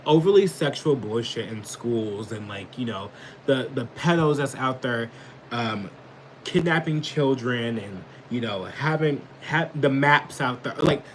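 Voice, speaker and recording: Guy ranting on a live stream, rambly and sweary, mid pitch, bit of faint hiss behind. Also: low-quality recording. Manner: rambling, profane, reacts angrily to chat comments. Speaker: political commentator on a live stream. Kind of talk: casual live commentary.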